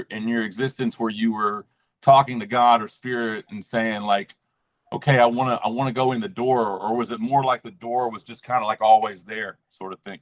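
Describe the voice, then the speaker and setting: A man in casual podcast chat, rambling with lots of fillers and the odd swear. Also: mid-range voice. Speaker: podcast guest.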